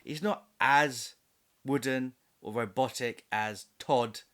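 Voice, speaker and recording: A man's voice: mid-range voice, slow pace, a bit bright. A man doing a comedic voice-over review of a film, sarcastic and mocking, with frequent laughs.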